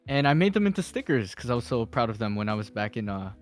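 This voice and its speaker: Rambling man in casual podcast chat. He laughs often and fills his talk with ums and restarts, at a middle pitch, with faint music playing underneath. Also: sing-song, quick pace. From Philippines. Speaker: podcast guest.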